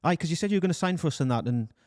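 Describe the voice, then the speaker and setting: A man's voice: on the high side, expressive, rapid-fire, darkish tone, dry recording, clean studio sound, pitched above the performer's own voice, close to an everyday voice. A man putting on a Geordie accent to play a bumbling male Newcastle club recruiter on a phone call. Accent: Geordie, put on. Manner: rambling, hesitant, upbeat.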